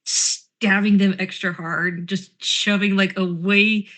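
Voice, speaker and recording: A woman's voice: mid-range voice, little pitch movement, slow pace, fairly bright tone. Sarcastic, grumbling woman role-playing. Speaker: tabletop game player. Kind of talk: in-character role-play chat.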